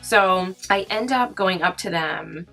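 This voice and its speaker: A young woman vlogger telling a story in casual chat while doing her makeup, talking fast with lots of "like" and acting out what people said. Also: medium pitch, bright, forceful tone, faint music behind, poor audio. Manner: chatty, fast, heavy use of "like", acts out quoted voices. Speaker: beauty vlogger.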